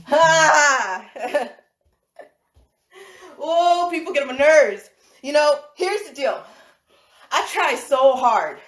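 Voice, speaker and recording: A high-voiced woman talks straight to her viewers on a livestream, animated and swearing, laughing often. She sounds like a mother with kids in school, and the room around her is echoey. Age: adult with school-age children. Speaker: livestream host. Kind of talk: casual livestream rant.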